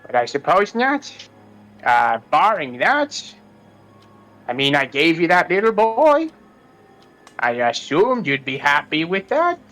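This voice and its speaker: Sly old potion witch, played by a man, high swooping sing-song, mocking. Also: huge pitch swings, slow, pauses often, pushed and bright, faint music behind, full character voice, rough recording.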